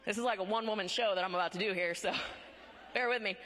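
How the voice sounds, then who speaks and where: A woman's voice: medium pitch, steady tone, quick pace, fairly bright tone. A woman giving a motivational conference speech, talking in short, punchy phrases and often checking in with a rhetorical "right?". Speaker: conference speaker. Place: large conference hall. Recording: long hall reverb from a large venue.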